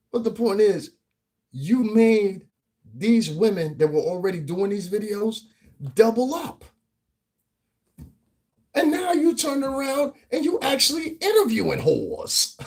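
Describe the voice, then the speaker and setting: A man's voice: mid-range voice, a little mellow, husky. A man ranting on a vlog in heated, profane, mocking commentary, often repeating himself, with speech. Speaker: vlogger.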